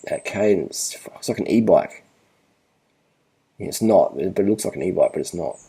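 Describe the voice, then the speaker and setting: A deep, dark, husky-voiced man talks over cycling footage. He is blunt and swears freely, and he hammers each point home by saying it again and again. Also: lively intonation, moderate pace. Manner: blunt, profane, repeats himself for emphasis. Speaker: cycling vlogger. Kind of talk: casual commentary over race footage.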